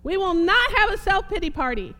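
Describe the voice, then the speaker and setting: A woman preaching a sermon, fervent, repeating phrases and swinging between soft and emphatic delivery. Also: very high voice, very animated, brisk, faint music behind.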